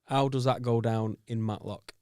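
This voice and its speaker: A man co-hosting a podcast, asking questions in a measured, teasing way. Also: medium pitch, steady tone, warm tone, dry recording, studio quality. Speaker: podcast co-host. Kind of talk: casual chat. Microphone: studio mic.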